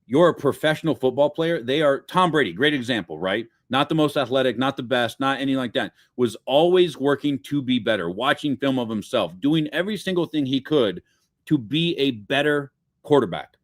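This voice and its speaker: A man's voice: medium pitch, animated, brisk, no room sound, clean studio sound. A man who is a guest on a podcast, talking in a friendly, motivational way. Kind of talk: casual interview talk.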